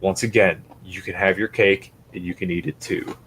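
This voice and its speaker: A man in a casual political podcast chat, talking in an animated way, full of restarts. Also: low voice, moderate pace, slight background noise. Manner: animated, talks with restarts and fillers.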